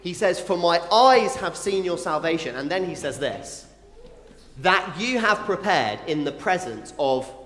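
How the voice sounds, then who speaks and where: A man delivers a family Christmas sermon to a mixed church crowd, playful and animated, tossing asides to the children. His voice sits a bit high and swings widely in pitch. It rings through an echoey hall with a long reverb tail.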